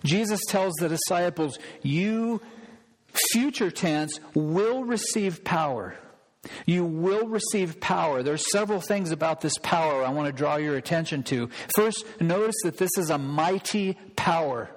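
A pastor delivering a sermon, emphatic and repeating key phrases for weight. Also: male voice, on the high side, expressive, a little slow. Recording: long reverb of a large hall.

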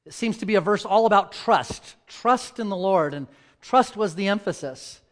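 A man preaching from the pulpit in a voice pitched a little above most men's. He drops to a near murmur in prayer and climbs to loud, fervent emphasis when retelling scripture scenes. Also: expressive, moderate pace. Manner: reads scripture, prays softly, then tells stories and rises to loud dramatic peaks. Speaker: church elder preaching. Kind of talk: sermon.

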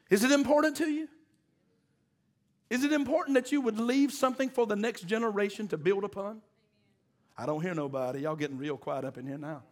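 High-voiced preacher, folksy. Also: male voice, fairly bright tone. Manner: call-and-response exhorting, folksy and joking. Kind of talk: sermon.

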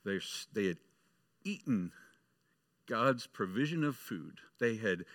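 Bright-voiced storytelling male pastor. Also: on the low side, animated, slow, no echo, studio quality. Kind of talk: sermon.

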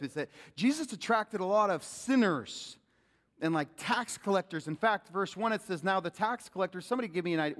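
High-voiced pastor preaching. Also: male voice. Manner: animated, calls out questions to the congregation. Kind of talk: sermon. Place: church sanctuary. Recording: long hall reverb.

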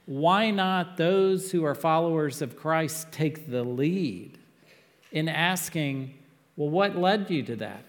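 A man preaching a sermon as pastor, earnest and emphatic, with sudden loud peaks. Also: fairly high pitch, long reverb tail.

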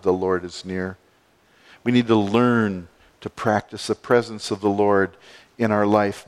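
A male pastor preaching a sermon, expressive, moving between soft, low passages and emphatic lifts. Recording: long hall reverb.

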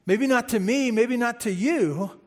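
A man preaching a sermon as pastor, emphatic and animated, repeating words for stress and speaking straight to the congregation. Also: extremely high pitch, a little slow. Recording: hall reverb.

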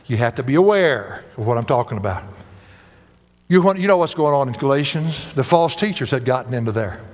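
A man's voice: medium pitch, lively intonation, a little fast. A man preaching a sermon as a pastor, telling folksy stories with repeated phrases and sudden emphatic rises. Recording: long reverb of a large hall.

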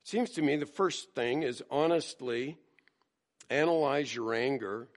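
A man's voice: medium pitch, a little slow. A male pastor preaching a sermon in a conversational storytelling manner. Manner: conversational storytelling, acting out quotes.

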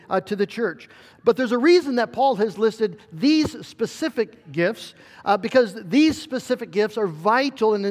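A man's voice: high voice, in a large hall. A middle-aged male pastor preaching a sermon in an earnest way, with fillers and restarts.

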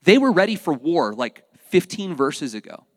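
Male pastor, high voice, lively sermon delivery, long hall reverb on a dry close mic. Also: normal speed. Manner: animated, acts out voices, addresses the congregation.

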